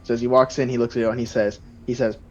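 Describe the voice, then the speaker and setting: A man narrating as game master for friends, exasperated and quick to swear and laugh. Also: medium pitch, level tone, lo-fi sound.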